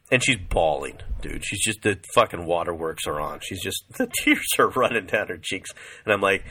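Profane, rambling man with a lively voice. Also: sits low, fairly quick, breathy edge. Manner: profane, rambling, says "dude" a lot. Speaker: vlogger. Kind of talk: casual rambling commentary.

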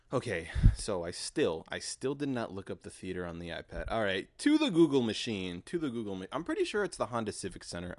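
A man's voice: on the low side, no echo, studio quality. Profane, rambling man hosting a podcast. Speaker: podcast host. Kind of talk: casual solo podcast. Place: home garage.

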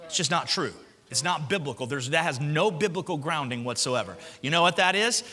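A male pastor delivers an emphatic sermon. His voice sits high and bright, and he keeps a conversational, punchy rhythm with frequent rhetorical questions. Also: expressive, brisk. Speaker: senior pastor.

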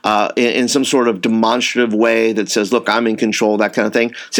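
A man's voice: lowish voice, flat delivery, a little fast, hardly any pauses. Chatty man coaching youth workers. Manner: conversational, acts out example dialogue, many fillers and restarts. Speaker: youth ministry trainer. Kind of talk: informal teaching talk.

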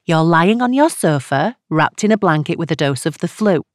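A gentle, soothing woman advice host of about fifty, read by a woman narrator in a low voice. The delivery is calm and reassuring, recorded close and dry for an audiobook. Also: normal speed, no room sound. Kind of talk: audiobook character reading.

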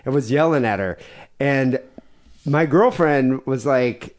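A man's voice: mid-range voice, slow. A man in his forties hosting a podcast, telling stories in casual chat and acting out the people he quotes. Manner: storytelling, acts out quoted people, laughs often. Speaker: podcast host.

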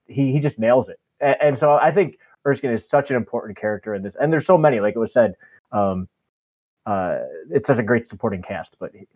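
A man's voice: mid-range voice, highs cut off. Male podcast co-host, eager and rambling, heard through a thin phone-style line. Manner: enthusiastic, rambling with restarts. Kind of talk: casual movie discussion.

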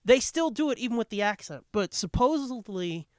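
A man co-hosting a podcast in casual chat, hyper and fast-talking, swearing constantly. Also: high-pitched, lively intonation, clear, resonant tone, dry recording, clean studio sound. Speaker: podcast co-host.

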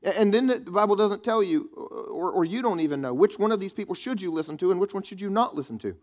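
A man's voice: high voice, expressive, fast, a little mellow. Conversational preacher man. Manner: conversational preaching with quips to the congregation. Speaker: pastor. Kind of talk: sermon.

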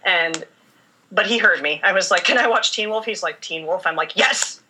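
A young woman, a fan fiction writer, chatting as a guest and telling long, animated stories that she laces with laughter. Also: on the low side, moderate pace, slight background noise, poor audio. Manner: rambling, animated storytelling with laughter. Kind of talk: casual chat.

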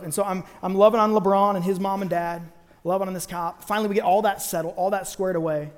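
A man preaching through a personal story, with a high-pitched voice. He tells it with animated energy and pops in and out of the voices of the people he quotes. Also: quick pace, long reverb tail. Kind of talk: sermon storytelling.

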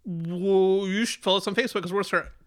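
A man's voice: high voice, fairly even intonation, fast. A man co-hosting a podcast, rambling loosely in casual chat. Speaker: podcast co-host.

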